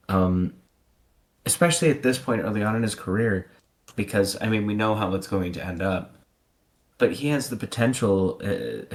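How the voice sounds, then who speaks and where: A man co-hosting a casual wrestling podcast, easygoing and hesitant, with many ums. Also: on the low side. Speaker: podcast co-host.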